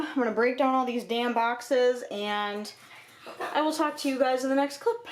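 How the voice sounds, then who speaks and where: Young woman, Michigan accent, casual chatty vlogger, slightly high voice, light background noise. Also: fairly even intonation, normal speed, poor audio. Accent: Michigan American. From Michigan, USA. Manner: rambling, chatty, lots of "like" and "you know". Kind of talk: casual vlog chat.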